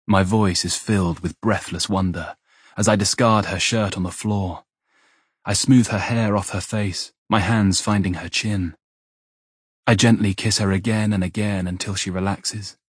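Deep, husky male audiobook narrator. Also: no room sound, clean studio sound. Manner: soft, intimate murmur. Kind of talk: first-person romance audiobook narration.

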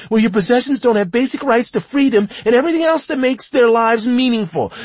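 A man voicing an enraged, wounded wife who is sick and armed, ranting in a shrill, accusing, raspy voice. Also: no echo, exaggerated voice.

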